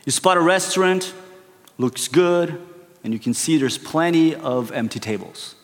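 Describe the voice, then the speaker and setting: A male preacher opens his sermon in a conversational, storytelling way, often checking in with "right?" His fairly high voice is animated yet unhurried, and the recording has long hall reverb.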